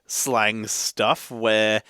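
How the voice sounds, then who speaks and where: A man's voice: lowish voice, flat delivery, extremely slow, bright, forceful tone, smooth, dry recording, clean studio sound. A man with an Essex English accent chatting casually as co-host of a reaction video, dropping consonants and laughing easily. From England.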